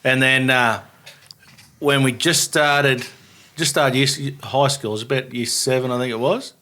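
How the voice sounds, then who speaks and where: A man's voice: mid-range voice, steady tone, moderate pace, sharp tone. An Australian man telling fishing stories as a podcast guest, laughing and swearing as he talks. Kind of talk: casual chat, fishing yarns.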